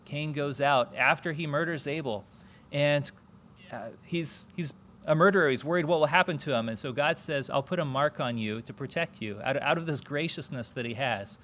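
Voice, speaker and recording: A man's voice: on the high side, normal speed, fairly bright tone, slight background noise. A man preaching a conversational sermon at a church service, explaining scripture and asking the congregation questions.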